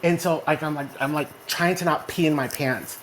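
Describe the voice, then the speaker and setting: Animated male storyteller with a mid-range voice. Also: fairly high pitch, normal speed, a little hiss or hum. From Texas, US. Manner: animated storyteller who often checks in with "right?". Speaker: co-host. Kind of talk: casual motivational chat. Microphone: phone in a social audio room.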